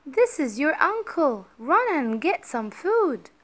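A woman voicing a poor, fretful mother who speaks in a high, emphatic voice. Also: animated, takes it slowly. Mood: excited. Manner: high and emphatic, then humble.

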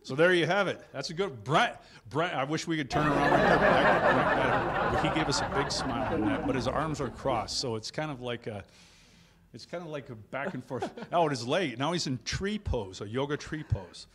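A man's voice: medium pitch, animated, moderate pace, heavy background noise. A man hosting a casual company show, joking, laughing often and wandering into asides. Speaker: host. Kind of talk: casual chat.

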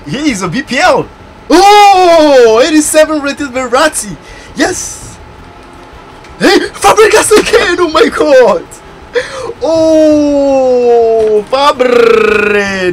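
A man commenting on his video game pack opening, excitable and bursting into loud exclamations. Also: extremely high pitch, a little hiss or hum. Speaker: gaming YouTuber.

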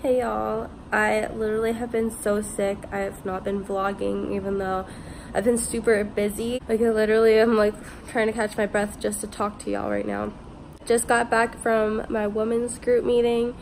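A woman's voice: medium pitch, little pitch movement, moderate pace, vocal fry, a little mellow, slight background noise. A woman vlogger chatting casually to the camera, filling her talk with "like" and "literally". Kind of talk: casual vlog chat to camera.

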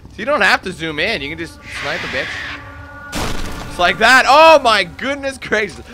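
A man giving casual, excitable gameplay commentary, swearing often and yelling when things go wrong. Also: high-pitched, normal speed, soft background music. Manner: excitable, swears a lot, yells when panicked. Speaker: let's play commentator.

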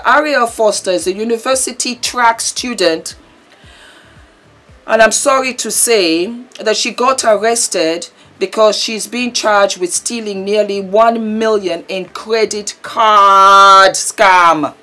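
A middle-aged woman hosting her own channel, talking casually and then recapping a news story, chatty and warm with animated outbursts. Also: medium pitch, takes it slowly. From Britain. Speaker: YouTube channel host. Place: London.

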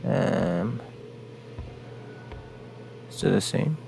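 A man's voice: on the low side, little pitch movement, unhurried, darkish tone, a little hiss or hum. A young man giving let's play commentary, jittery and repeating words in nervous runs. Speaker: gameplay streamer.

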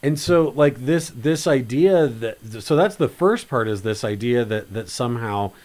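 A man co-hosting a casual film podcast, talking in an animated, rambling way and acting out quotes. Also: moderate pace. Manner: animated, acts out quotes with big pitch swings; rambling, repeats words. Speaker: podcast co-host.

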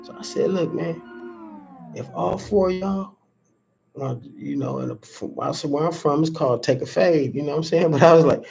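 A man telling a profane story in a casual, animated way and acting out what people said. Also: a little high, moderate pace, vocal fry, husky, faint music behind. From Los Angeles. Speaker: rapper.

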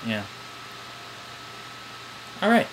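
Hesitant young man, Midwestern accent. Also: very slow. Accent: Midwestern American. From American Midwest. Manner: hesitant, lots of ums and "I don't know". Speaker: vlogger. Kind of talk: casual to-camera chat. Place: at home, in pajamas. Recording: air conditioner hum behind.

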